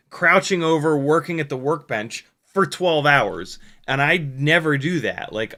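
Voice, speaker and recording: A man's voice: mid-range voice, pushed and bright. A man reading out chat on a casual live stream from his home workshop, rambling with self-mocking asides and frequent restarts.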